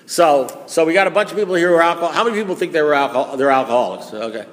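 A man's voice: fairly high pitch, racing, fairly bright tone. A man giving a recovery meeting talk to a live audience. He is blunt and profane and keeps firing rhetorical questions at the room. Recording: long reverb of a large hall.

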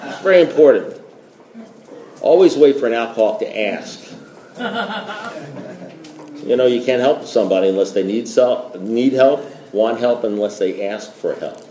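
A man's voice: mid-range voice, animated, normal speed, pauses often, mellow, roomy sound, a little hiss or hum. A man telling a rambling, joking story at a recovery meeting. He repeats himself as he goes.

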